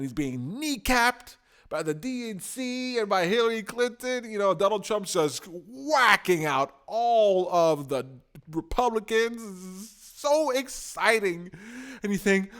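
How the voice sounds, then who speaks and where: A man, giving excitable, rambling political commentary for a video blog and often tacking on "man". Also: sits high, measured pace. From Canada.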